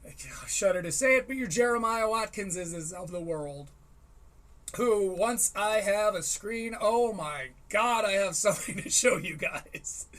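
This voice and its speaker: A man's voice: sits high, unhurried, fairly bright tone. A young man hosting a solo podcast, riffing wryly on comedy and reading aloud. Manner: rambling, riffing and wry. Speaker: podcast host. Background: faint harp music.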